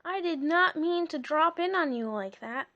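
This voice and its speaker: A woman's voice: high-pitched, animated, moderate pace, fairly bright tone, muffled recording. A woman reading aloud the lines of a kind, worried male professor from a storybook, in a plain earnest delivery.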